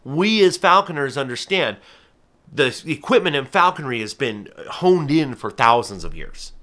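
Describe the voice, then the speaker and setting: Speaking to camera on his own channel, a falconer carefully and earnestly explains his hobby with everyday examples in a casual, educational way. His medium-pitched voice is a bit bright, has big pitch swings, and moves at normal speed.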